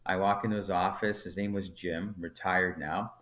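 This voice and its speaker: In a deep voice at a moderate pace, a man who co-founded a brewery shares a storytelling anecdote during a podcast conversation. He's an animated storyteller who performs the quoted dialogue along the way.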